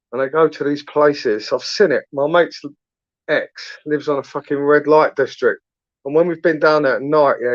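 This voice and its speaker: A man telling rambling stories in casual chat, swearing freely and ending lines with tag questions like "innit". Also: on the high side. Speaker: podcast host. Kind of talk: casual storytelling monologue. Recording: muffled lo-fi audio.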